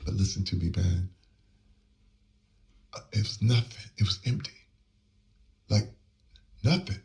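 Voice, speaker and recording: A very deep, gravelly male voice, picked up from some distance off the mic. He is an interview guest telling an emotional personal story, pressing hard on key words and jumping higher in pitch when stirred. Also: a little slow, pauses often. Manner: emphatic, acts out quoted lines, pitch swings up when stirred.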